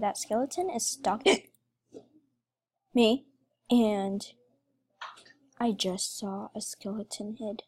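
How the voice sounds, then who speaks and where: A woman's voice: medium pitch, slow pace, long pauses, darkish tone, slightly rough. A woman giving let's play commentary, talking emotionally to her viewers as she plays. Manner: emotional, talks to viewers while playing. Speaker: gaming video creator.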